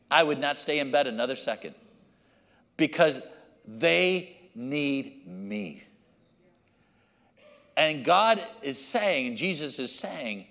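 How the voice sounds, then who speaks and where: A man preaching a sermon as pastor, acting out his children and church members with lively changes of voice. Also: fairly high pitch, big-room sound.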